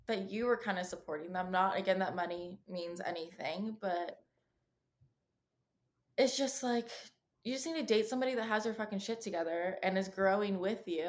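A woman in her twenties telling candid stories in a casual chat, acting out the lines of people she quotes and swearing freely. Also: mid-range voice. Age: 20s. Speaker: podcast guest.

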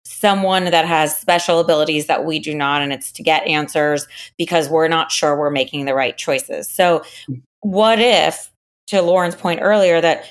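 Low-voiced woman asking long questions. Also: fairly even intonation, moderate pace, clean tone. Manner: rambling, questioning. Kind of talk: casual podcast chat.

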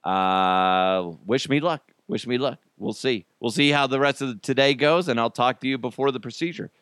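A chatty man talks through a solo podcast episode, laughing at himself now and then. His voice is smooth and resonant at a medium pitch. The recording is dry and close. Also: moderate pace, fairly bright tone, no echo. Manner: chatty, laughs often, self-deprecating. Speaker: podcast host. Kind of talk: casual solo podcast monologue.

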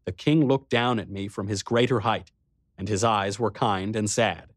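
Low-voiced man narrating a story. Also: moderate pace, no room sound, clean studio sound. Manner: expressive storytelling reading. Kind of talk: first-person audiobook narration.

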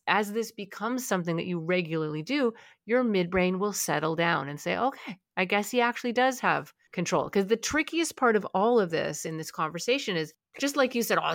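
A woman's voice: mid-range voice, dry recording, studio quality. A woman hosting a conversation, eagerly explaining how the brain works and acting out the voices inside it.

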